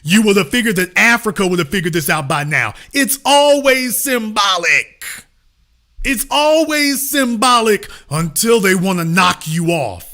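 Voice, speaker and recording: A man's voice: sits high, sing-song, unhurried, pushed and bright. A middle-aged man hosting a political commentary show, talking in an emphatic, sarcastic preaching cadence.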